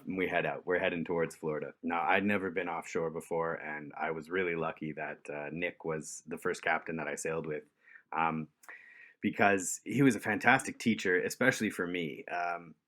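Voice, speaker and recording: A man tells a story in a deep, low voice. He is relaxed and chuckles often, and his speech is full of easy fillers. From Canada. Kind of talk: casual storytelling.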